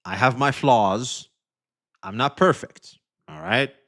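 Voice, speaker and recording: A man live-streaming, who swears a lot and keeps thanking donors in a casual, animated way. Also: medium pitch, slow, vocal fry. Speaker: livestreamer.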